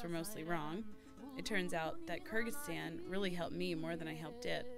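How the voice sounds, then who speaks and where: A young woman narrating a personal story in an earnest, scripted way. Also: lowish voice. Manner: earnest storytelling, shouting the quoted cries. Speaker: former volunteer telling a story. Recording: narration over loud music.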